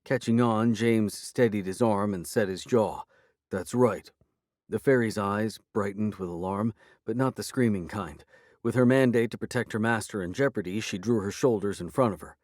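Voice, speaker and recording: A man reading a first-person fantasy novel aloud, in even, dry storytelling on a close microphone. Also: on the low side, normal speed, no room sound. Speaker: audiobook narrator. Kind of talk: first-person fiction narration.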